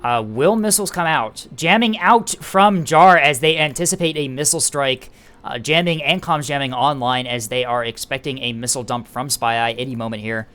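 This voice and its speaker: A man calls a live space battle match as play-by-play caster. His voice sits at an ordinary middle pitch and jumps up in excitement when the fight turns close. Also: normal speed. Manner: excitable, rises sharply in tense moments. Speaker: esports caster. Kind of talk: play-by-play game commentary.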